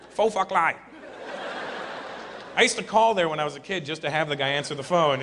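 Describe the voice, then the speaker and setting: A man doing stand-up comedy to a large live audience, loud and animated, slipping into mocking voices. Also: a little high, a little fast, pauses often. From Canada. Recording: echoey live hall recording with crowd noise.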